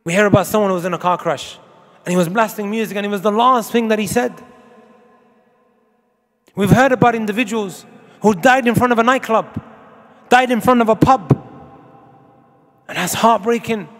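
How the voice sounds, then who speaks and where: A man's voice: sits high, moderate pace, pauses often, fairly bright tone, long reverb tail. A man preaching a sermon to an audience, emphatic and full of rhetorical questions, with Arabic quotations. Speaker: Islamic preacher.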